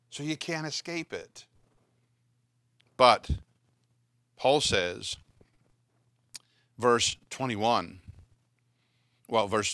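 A man's voice: mid-range voice, a bit bright, no room sound, clean studio sound. A man giving a conversational Bible teaching, reading scripture aloud and putting questions to his listeners. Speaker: pastor.

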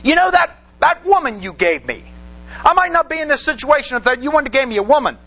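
A man's voice: very high voice, lively intonation, fast talker, gravelly, pushed and bright, dull audio, pitched above the performer's own voice, exaggerated voice. A man voicing Adam as a sheepish man who whines and blames God. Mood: complaining.

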